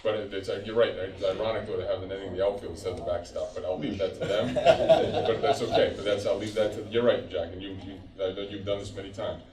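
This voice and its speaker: Quick-talking guy at a meeting, low voice, trips over words, echoey room. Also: crowd noise. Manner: rambling, restarts. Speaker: committee member. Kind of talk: meeting discussion. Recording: echoey room, far from mic.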